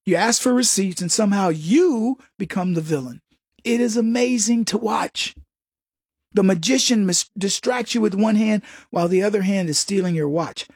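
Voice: medium pitch, normal speed, darkish tone, husky, no room sound, studio quality. A commentator giving a sarcastic opinion monologue, mocking people and acting out quotes.

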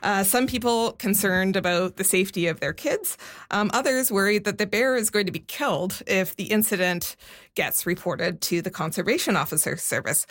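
A woman's voice: mid-range voice, normal speed, fairly bright tone. A woman giving a conversational radio news report, explaining things step by step with frequent fillers.

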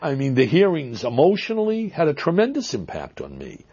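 A man with a Boston accent answering interview questions, halting with fillers and restarts, stressing words with emphasis, heard on dull lo-fi audio. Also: on the high side, wildly swooping pitch, warm tone, slightly rough. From Massachusetts. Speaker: interview guest.

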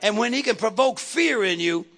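A man's voice: high voice, expressive, moderate pace, a bit bright. A man preaching a fiery sermon, calling out to the congregation and repeating words for emphasis.

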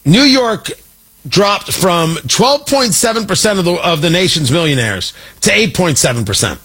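A man's voice: high voice, lively intonation, moderate pace, fairly bright tone, husky. A man hosting a political talk radio show, delivering a sarcastic, riffing monologue and slipping into mock voices. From Midwest.

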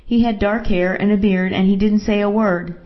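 A woman's voice: medium pitch, steady tone, moderate pace, natural voice. A woman voicing a shaken wife who insists on what she saw, in a dull lo-fi recording. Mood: insistent. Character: shaken wife recounting her rescue.

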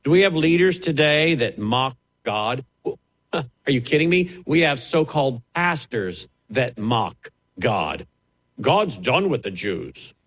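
A man's voice: mid-range voice, very animated, slow, a bit bright, low-quality recording. A man preaching, fiery and emphatic, mocking the voices he quotes. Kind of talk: preaching sermon.

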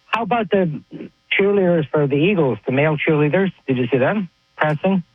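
A man's voice: on the high side, brisk, no room sound. A man calling a sports radio show, chatty and eager, firing off questions. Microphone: phone line. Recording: tinny phone line.

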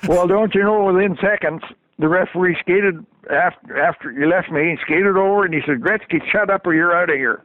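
Brisk and high-voiced, an older former hockey trainer tells down-home stories in an interview, chuckling frequently. It's a dry recording over a tinny phone line.

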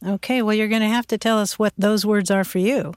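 A woman hosting a radio call-in show, playful and quick to laugh. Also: mid-range voice, steady tone, no echo, studio quality.

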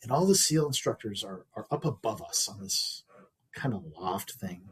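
Husky-voiced man telling a personal story. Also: fairly low pitch, lively intonation, moderate pace, fairly bright tone, poor audio. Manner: earnest, reflective, many small restarts. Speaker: interview guest.

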